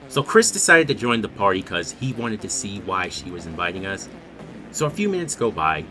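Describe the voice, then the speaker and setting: A man's voice: medium pitch, pushed and bright. A young man telling a personal story as a YouTuber, ranting heatedly and swearing a lot. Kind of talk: casual storytime narration.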